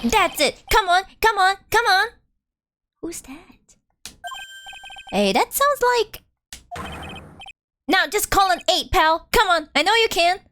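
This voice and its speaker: A woman voicing a gruff, excitable male police detective who ends his lines with "pal", read aloud from a game on a livestream. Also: extremely high pitch, slow, long pauses, slight background noise, pitched above the performer's own voice, exaggerated voice. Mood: excited.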